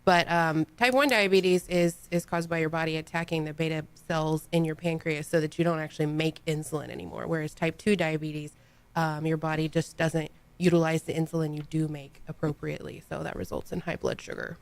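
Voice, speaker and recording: Low-voiced, smooth woman explaining clearly. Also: little pitch movement, brisk. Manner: clear, matter-of-fact explaining. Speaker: diabetes educator guest. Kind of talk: explanatory radio interview. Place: radio studio.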